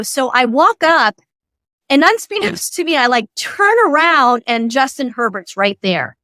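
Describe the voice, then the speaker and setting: A woman in her forties, a podcast guest telling a story in casual chat, animated and acting out what people said. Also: sits high, normal speed, no echo, studio quality. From Southern California. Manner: animated storyteller, acts out quotes.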